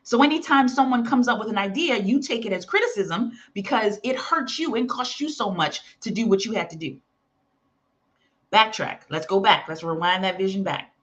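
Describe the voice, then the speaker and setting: A woman's voice: medium pitch, fairly bright tone, muffled recording. A woman teaching in a sermon style, telling a story and acting out the voices of its characters. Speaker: preacher.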